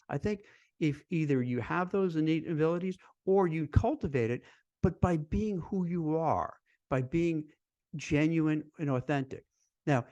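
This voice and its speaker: A man, a recruiter and career coach, giving casual job-interview advice in a chatty, animated way, full of "you know" and "like". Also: a little high, dry recording. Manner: conversational, lots of fillers like "you know" and "like"; animated, acts out quoted voices. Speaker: recruiter and career coach hosting a live stream.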